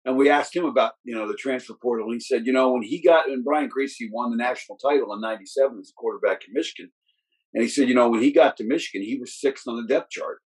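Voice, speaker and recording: A man's voice: mid-range voice, fast, darkish tone, slightly rough, poor audio. A middle-aged man, a football coach, chatting casually and telling rambling stories full of restarts and fillers. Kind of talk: casual storytelling chat.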